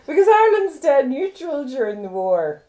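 A woman's voice: high voice, big pitch swings, moderate pace, warm tone. A woman co-hosting a podcast in casual chat, slightly tipsy, often giggling and repeating herself. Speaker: podcast co-host. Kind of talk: casual chat, reading a story aloud.

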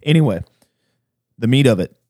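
Fast-talking man hosting a religious podcast. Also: mid-range voice, animated, a little mellow, no echo, studio quality. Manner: fast, urgent, self-interrupting. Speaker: podcast host.

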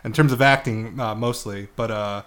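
A man's voice: on the low side, fairly even intonation, moderate pace, a bit bright. A young man and theater student chatting casually, rambling and restarting often. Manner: rambling, hesitant, many fillers and restarts. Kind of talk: casual chat.

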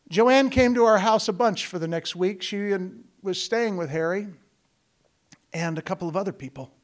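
High-voiced man telling a church story. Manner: folksy, joking, digressive, addresses the congregation directly. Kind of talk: storytelling sermon.

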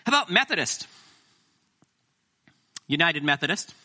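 A middle-aged man preaching a sermon as pastor, animated and joking with the congregation. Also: on the high side, a little slow.

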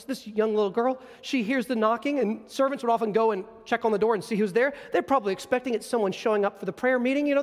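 A man preaching a sermon, teaching from scripture in an animated storytelling manner. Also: very high voice, big-room sound. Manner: animated, storytelling, acts out scenes.

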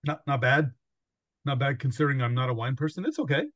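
A man's voice: medium pitch, fast talker, fairly bright tone, dry recording, lo-fi sound. A man hosting a podcast in casual chat, rambling and laughing often. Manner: rambling, laughing often, quotes himself and others. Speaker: podcast host.

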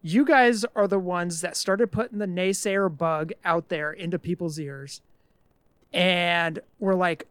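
A man's voice: sits high, slow pace, fairly bright tone, clean tone, no echo. A man co-hosting a casual podcast, ranting in an exasperated way with some mild swearing. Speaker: podcast co-host.

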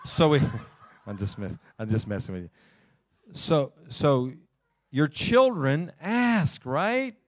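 Higher-voiced preacher, folksy and dry-sounding. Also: male voice, lively intonation, slow, no echo. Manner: folksy preaching, building up loud then dropping low for scripture. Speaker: pastor. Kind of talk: sermon. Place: church.

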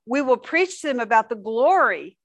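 A woman's voice: fairly high pitch, very animated, normal speed, no echo. A middle-aged woman teaching a Bible study class in a casual, chatty way, effusive and emotional when she thanks people.

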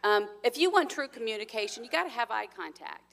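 A woman's voice: a little high, lively intonation, a little fast, gravelly, fairly bright tone. A middle-aged woman sharing earnestly and personally in a sermon alongside her husband. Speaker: pastor's wife, co-speaker.

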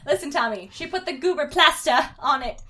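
A woman's voice: a little high, lively intonation, moderate pace, fairly bright tone. A woman voicing a timid, fearful toddler boy in a comic fan fiction reading, in a whiny childlike voice. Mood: scared.

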